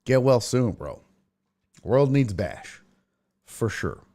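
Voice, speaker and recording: A man's voice: medium pitch, sing-song, slow, dark tone. A man hosting a casual sports live stream, rambling and swearing as he reads chat messages. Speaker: sports podcast host.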